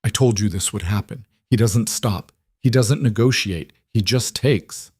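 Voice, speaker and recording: A man's voice: fairly low pitch, unhurried, a little mellow, breathy edge, no echo, studio quality. A man voicing a frightened, fragile young woman in love, speaking in an anxious, pleading way. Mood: despairing.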